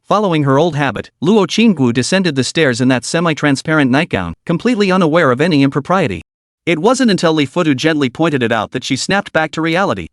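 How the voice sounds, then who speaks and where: A man narrating a web novel in an expressive storytelling manner. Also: a little high, no room sound, studio quality.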